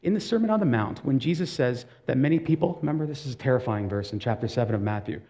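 Mellow-voiced male pastor preaching. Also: mid-range voice, lively intonation, fast talker. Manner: conversational, with direct questions to the congregation; storytelling with casual asides. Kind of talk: sermon.

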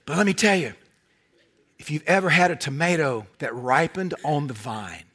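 Here a middle-aged preacher from North Carolina, with a Southern American accent, talks at normal speed in a slightly rough, somewhat high voice. His sermon is full of folksy jokes and animated tales that drop to soft intensity.

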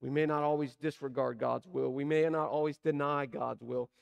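A man preaching a sermon, asking emphatic rhetorical questions and slowing down to stress key words. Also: mid-range voice, fairly even intonation, gravelly, lo-fi sound. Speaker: pastor.

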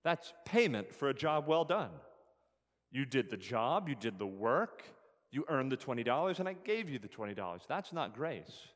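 A man's voice: mid-range voice, very animated, moderate pace, in a large hall. A man preaching a sermon as pastor, earnest and emphatic, rising on scripture and repeating key phrases to drive them home. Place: church sanctuary.

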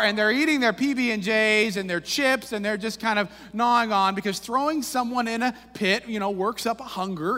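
High, bright-voiced preacher in a reverberant sanctuary. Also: male voice. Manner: conversational storytelling with asides and rhetorical "right?"; wry humor. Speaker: pastor. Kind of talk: sermon. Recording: long reverb of a large room.

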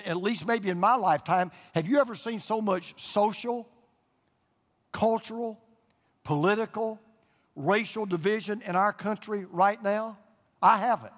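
A man's voice: high voice, fairly bright tone. Older male preacher in a reverberant hall. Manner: folksy storytelling preacher, emphatic repetition. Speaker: pastor. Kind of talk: sermon. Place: church auditorium with a live and online audience.

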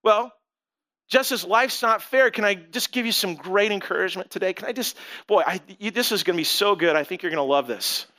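A man preaching a sermon in a conversational, storytelling way, with animated asides to the congregation. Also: sits high, fairly quick. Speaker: pastor.

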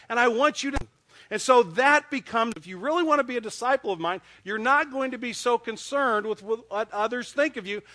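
Bright, emphatic older male pastor. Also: high-pitched. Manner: emphatic, slows down for key phrases. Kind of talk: sermon.

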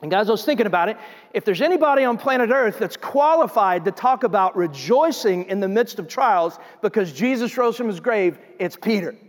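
Male pastor, high voice, casual storytelling sermon, long church reverb. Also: expressive, a little fast. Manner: conversational storytelling, acting out scripture scenes. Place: church sanctuary.

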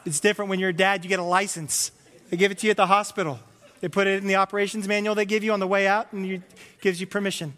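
Male pastor, high voice, lively preaching, echoing hall. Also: racing. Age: adult with children. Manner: animated, acts out voices with loud comic bursts. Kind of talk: sermon.

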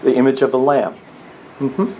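A man leading a prayer workshop with a group, talking conversationally, with restarts and slow emphasis. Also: mid-range voice, steady tone, highs cut off, slight background noise. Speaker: workshop leader. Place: meeting room with a group.

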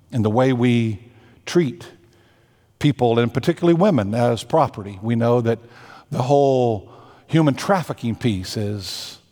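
A man's voice: fairly high pitch, darkish tone, big-room sound. A man preaching a sermon, emphatic, repeating phrases and restarting as he makes his points. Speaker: pastor.

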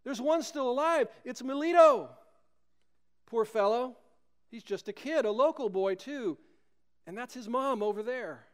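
A man voicing a shivering Roman guard who shouts bluntly in a sermon story. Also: very high-pitched, animated, measured pace, voice pushed up. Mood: urgent. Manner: shouting, mocking.

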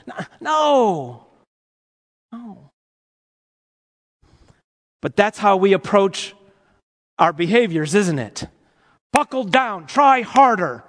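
A man preaching a sermon to his congregation in an animated, playful way, asking them rhetorical questions. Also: sits high, takes it slowly, pauses often. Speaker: pastor. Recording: long hall reverb.

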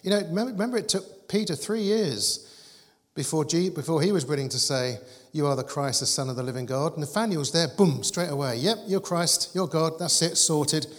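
Man, preaching, fairly high voice, long church-hall reverb. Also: a little fast. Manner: conversational storytelling preacher, animated and humorous. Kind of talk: sermon.

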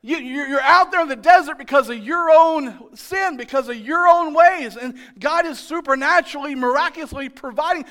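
A man preaching a sermon as pastor, animated and joking, building to loud emphatic shouts. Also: very high voice, moderate pace, hardly any pauses. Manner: animated, joking, playfully exasperated.

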